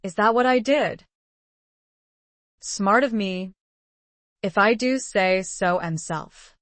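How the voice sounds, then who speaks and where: A man's voice: high voice, slow, fairly bright tone, dry recording. A woman reading an audiobook, voicing a languid, teasing roguish noble husband.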